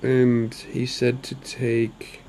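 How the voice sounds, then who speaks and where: A man's voice: medium pitch, monotone, extremely slow, mellow, slight background noise. Chatty man narrating his gameplay. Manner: chatty and upbeat, rambling asides. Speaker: gaming channel host. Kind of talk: casual gameplay commentary.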